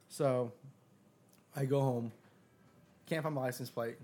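A podcast guest casually tells a story, swearing freely and throwing himself into other people's quoted lines. His voice is at an ordinary middle pitch, a little slow with long pauses, and he stumbles and restarts as he builds toward the next part.

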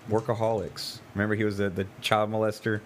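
A man's voice: on the low side, little pitch movement, fast, a little hiss or hum. A man co-hosting a podcast who chats casually and throws in crude, jokey remarks. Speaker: podcast co-host. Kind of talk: casual chat.

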